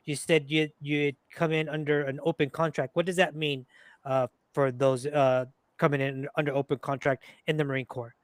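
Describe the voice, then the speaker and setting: A man hosting a podcast interview, giving brief responses and asking measured questions. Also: fairly high pitch, little pitch movement, no echo. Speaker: podcast host.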